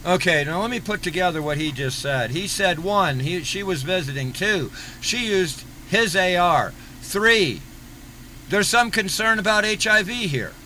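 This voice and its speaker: A man's voice: sits high, animated, a little slow, pushed and bright, a little hiss or hum, poor audio. A man giving sarcastic commentary on a livestream, recapping and mocking what others said.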